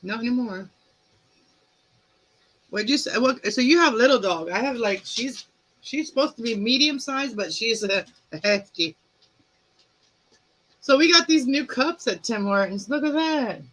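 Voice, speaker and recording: Woman, live stream host, chatty, laughs a lot, bright voice, webcam. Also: a little high, lively intonation, a little slow, long pauses, low-quality recording. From Canada. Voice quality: chatty, laughs often, loose run-on talk. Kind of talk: casual chat.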